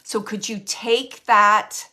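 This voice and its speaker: A woman works as a medium, giving readings to an audience member. Her voice is bright and forward, and she talks in stops and starts, with plenty of fillers, as she relays what she hears. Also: mid-range voice, little pitch movement. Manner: halting, filler-heavy, relays spirit's words.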